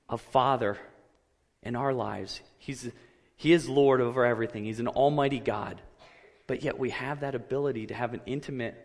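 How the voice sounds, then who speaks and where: Earnest preaching man in a reverberant hall. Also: medium pitch. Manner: earnest preaching, voice rising on quoted cries of anguish. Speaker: pastor. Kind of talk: sermon.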